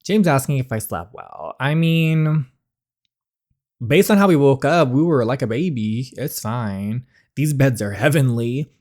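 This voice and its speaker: A man's voice: mid-range voice, lively intonation, a little slow, darkish tone. A man playing a dating game for video, reading it aloud and rambling through chatty asides with restarts. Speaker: gaming YouTuber.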